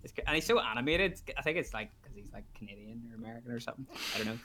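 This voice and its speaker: A young man, a barman chatting as a podcast guest, blunt and quick to laugh. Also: medium pitch, animated, sharp tone. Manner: laughing, blunt, acts out customers' voices. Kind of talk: casual chat.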